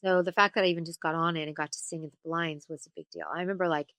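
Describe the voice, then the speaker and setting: A woman voice actor and singer chatting as an interview guest, telling stories in an animated way and slipping into character voices. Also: sits low, rapid-fire, no room sound. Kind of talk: casual interview chat.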